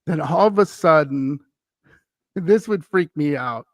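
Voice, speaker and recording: Give me a man from Wisconsin with a slightly high voice, telling a story casually as a podcast guest. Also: a little slow, no echo. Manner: animated, acts out quoted voices while retelling a story.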